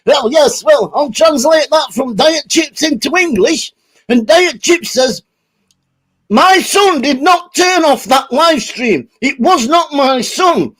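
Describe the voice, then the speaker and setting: A man doing an impression of a grumpy old English rag-and-bone man, with a loud, drawn-out, shouty delivery. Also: very high-pitched, animated, pitched above the performer's own voice, heavily acted. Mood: indignant.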